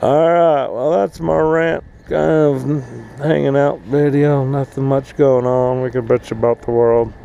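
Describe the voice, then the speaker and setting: A man's voice: mid-range voice, steady tone, unhurried, gravelly, hardly any pauses, warm tone, muffled recording, slight background noise. A man ranting bluntly and profanely in a casual outdoor vlog at an RV park. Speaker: vlogger.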